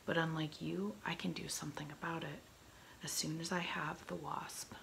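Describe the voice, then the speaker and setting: A woman's voice: sits low, fairly even intonation, normal speed, gravelly, fairly bright tone, slight background noise, full character voice, rough recording. A woman voicing a swaggering, hot-tempered male pirate captain in a gloating whispered role-play. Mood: scornful.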